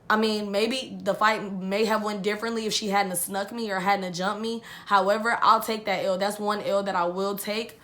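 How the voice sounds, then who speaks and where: A woman's voice: medium pitch, fairly bright tone. Young woman vlogger, casual storyteller, chatty and repetitive, talks straight to her viewers. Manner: chatty, repeats herself, addresses viewers as y'all.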